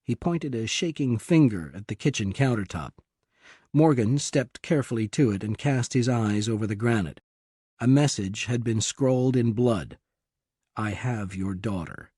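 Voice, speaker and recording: Man narrating an audiobook, mellow voice. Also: medium pitch, animated, normal speed, slightly rough, no room sound, clean studio sound. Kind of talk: scripted narration.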